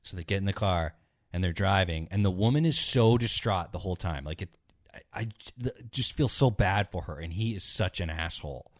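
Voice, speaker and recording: A man's voice: lively intonation, normal speed, dry recording, studio quality. A young man chatting casually on a podcast, retelling stories in a rambling way, swearing often and acting out the characters. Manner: rambling, swears a lot, acts out characters in a low mutter. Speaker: podcast co-host.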